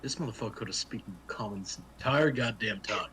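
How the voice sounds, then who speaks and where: A man's voice: fairly low pitch, fast talker, pushed and bright, a little hiss or hum. A man playing in a voice-chat tabletop game, ranting angrily and swearing in character. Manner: angry, swearing. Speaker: player. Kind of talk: heated tabletop role-play.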